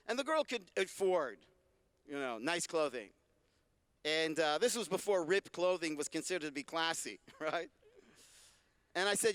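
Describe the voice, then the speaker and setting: A man's voice: fairly high pitch, expressive, normal speed, clean tone, no echo. A man, a rabbi, giving a talk and answering audience questions in a conversational, joking way. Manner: warm, joking, conversational teaching. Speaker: rabbi and speaker. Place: convention hall stage.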